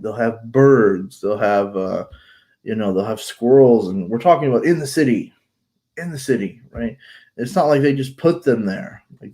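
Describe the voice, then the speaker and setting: A man's voice: medium pitch, warm tone. A man chatting casually as a vlogger, talking bluntly and rambling with lots of fillers and restarts, congested from allergies. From United States. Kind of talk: casual chat.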